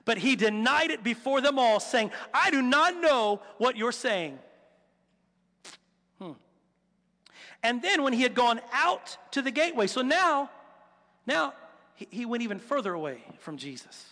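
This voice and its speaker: Guy preaching, really high bright voice, acts out the lines, big echoey hall. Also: moderate pace. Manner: animated storytelling, acts out quotes, rhetorical questions. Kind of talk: sermon. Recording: long hall reverb.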